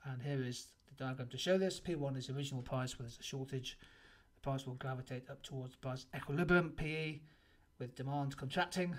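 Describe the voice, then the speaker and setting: A man teaching an economics revision lesson, walking through multiple choice answers in an explanatory manner and stressing the key points. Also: mid-range voice. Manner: explanatory, emphatic on key answers, occasional restarts.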